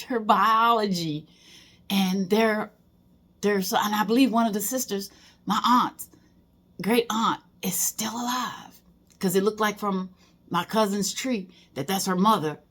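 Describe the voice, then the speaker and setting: A woman's voice: mid-range voice, fairly bright tone. A middle-aged woman talking casually in a personal vlog, emotional and rambling, with many fillers and restarts. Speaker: vlogger.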